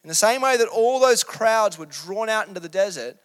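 A man's voice: sits high, expressive, fairly quick, a bit bright, smooth, big-room sound. A man preaching a sermon in an earnest, emphatic, conversational way.

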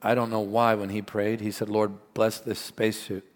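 A man preaching a sermon as pastor, earnest and animated, mixing stories and asides with scripture. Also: on the low side, moderate pace. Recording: long hall reverb.

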